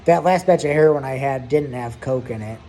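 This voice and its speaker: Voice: medium pitch, brisk, mellow, slight background noise. A vlogger in their thirties telling a long personal story in a casual, profane, rambling way, with hummed asides.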